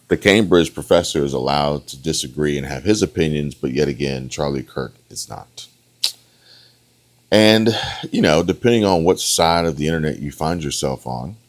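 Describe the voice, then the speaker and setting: A man giving opinionated, rambling reaction commentary on a debate clip, often punctuating his points with "okay?". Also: extremely low pitch. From United States. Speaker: online political commentator.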